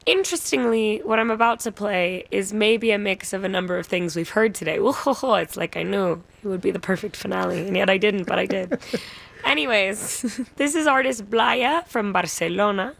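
A woman's voice: mid-range voice, normal speed, creaky, a bit bright. A woman co-hosting a radio music show, thoughtfully searching for words as she talks about singers and songs.

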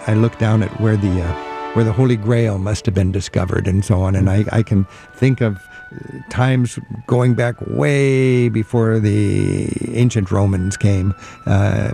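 A man's voice: fairly low pitch, vocal fry, dark tone. A man hosting a travel radio show, chatting with a guest in a folksy, enthusiastic way with frequent ums. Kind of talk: relaxed interview chat.

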